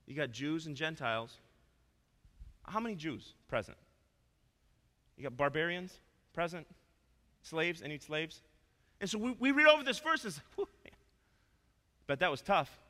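Pastor guy preaching, loud then quiet asides, bright tone, big echoey church. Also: on the high side, sing-song, moderate pace, long pauses. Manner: emphatic, swings between loud proclamation and soft asides. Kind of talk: sermon. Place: church sanctuary. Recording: long reverb of a church hall.

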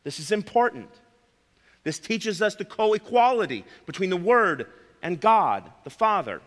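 A man's voice: high voice, very animated, unhurried, fairly bright tone, big-room sound. A man preaching a sermon, emphatic, repeating his key phrases and calling his listeners friends.

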